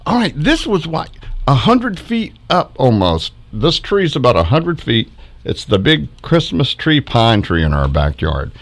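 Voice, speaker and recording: A man's voice: mid-range voice, very animated, unhurried, a bit bright. A middle-aged man casually narrating his backyard footage as a ufology vlogger, chuckling often as he points out faces in orbs.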